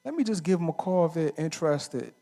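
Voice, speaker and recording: Slightly high, creaky, and mellow, this middle-aged man's voice is animated and a little fast. He's giving a casual talk packed with stories at a men's conference, asking the audience questions and answering them himself, with slang and "right?" fillers sprinkled throughout.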